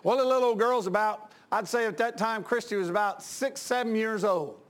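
A male pastor, preaching in a folksy style with anecdotes, swinging between loud outbursts and quiet asides. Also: high voice, brisk.

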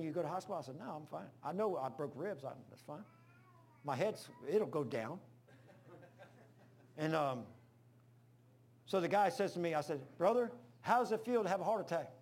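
Man preaching with loud sudden outbursts. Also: on the high side, breathy edge. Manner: animated, repetitive storytelling with sudden loud outbursts. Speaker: pastor. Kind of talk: sermon storytelling. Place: church.

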